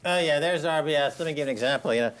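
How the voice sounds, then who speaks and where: A man's voice: racing, a bit bright, smooth. A man co-hosting a talk show, giving mocking, exaggerated political commentary. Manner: mocking, exaggerated, sweeping pitch.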